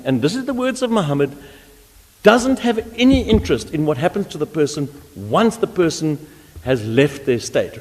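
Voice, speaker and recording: A man arguing a legal case before judges in a courtroom, emphatic and animated, with frequent restarts. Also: a little high, slightly rough. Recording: reverberant courtroom audio.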